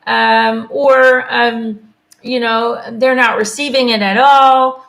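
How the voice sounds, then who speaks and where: A woman doing a live angel card reading, speaking gently and reassuringly and often checking in with "okay?" and "you know?". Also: on the high side, steady tone, takes it slowly, creaky. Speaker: intuitive angel card reader. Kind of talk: live card reading, casual spoken guidance.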